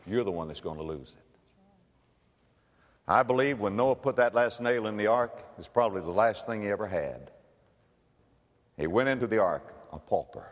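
A man preaching a dramatic evangelistic sermon, swinging from shouts to hushed tones. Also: low voice, long reverb tail.

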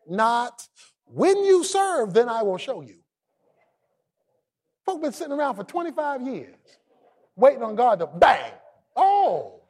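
A male pastor preaching with a strikingly high voice that leaps and dips all over the place. He punches key words with shouts, then drops to a low, quiet murmur. Now and then he has the congregation repeat a line after him. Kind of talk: sermon.

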